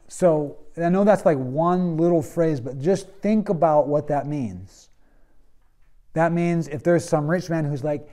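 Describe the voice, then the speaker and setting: A man's voice: fairly high pitch, a little slow, warm tone. Conversational male Bible teacher. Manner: conversational storytelling with many fillers. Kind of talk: classroom lecture.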